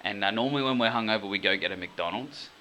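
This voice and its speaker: Low bright man, rambling chat. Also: fast talker, slight background noise. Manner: laughing, rambling storyteller. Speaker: podcast co-host. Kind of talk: casual chat.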